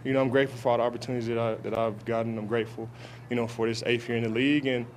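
A man's voice: medium pitch, little pitch movement, slight background noise. A young adult man, a football player, answering reporters' questions at an outdoor training camp, often restarting his sentences with fillers. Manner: halting, many restarts and fillers. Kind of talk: press conference answers.

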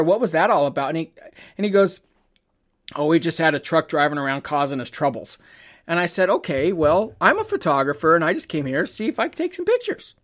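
A man, a photographer, telling a casual anecdote, acting out the dialogue and laughing often as he goes. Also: on the high side.

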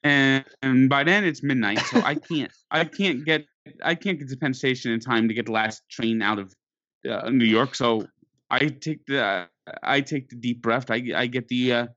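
Fired-up man ranting in a bright voice. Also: mid-range voice, normal speed, dry recording. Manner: exasperated, animated, stumbling restarts. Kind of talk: ranting sports storytelling. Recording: dull lo-fi dry recording.

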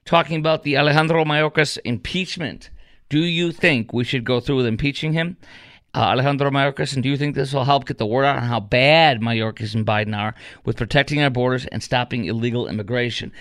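Speaking briskly in a mid-range, fairly bright voice with fairly even intonation, a man hosts a radio call-in show. He delivers indignant, emphatic commentary full of fillers into a studio mic, and the recording is dry.

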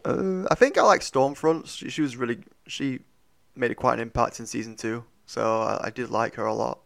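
Gravelly, laid-back man. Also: medium pitch, moderate pace, a bit bright. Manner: laid-back, hesitant, swears casually. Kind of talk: casual chat.

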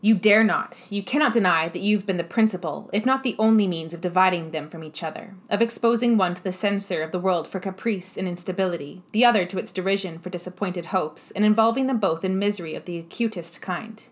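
A woman's voice: on the low side, a little fast, few pauses, close to an everyday voice. A woman voicing a spirited young woman in an audiobook, articulate and impassioned. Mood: indignant. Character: spirited young woman, indignant and sharp-tongued. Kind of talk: audiobook character voice.

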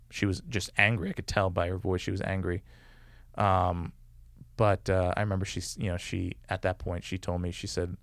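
Man, casual podcast guest, smooth resonant voice, dry close sound, storytelling, lots of filler words. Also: lowish voice, no room sound. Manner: storytelling, frequent fillers like "like" and "you know".

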